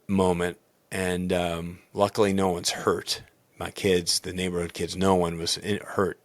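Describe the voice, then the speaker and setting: A man, a baseball coach and podcast host, talking candidly and in a rambling, self-critical way in a loud booming voice. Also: steady tone, unhurried, no echo. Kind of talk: personal reflective podcast talk.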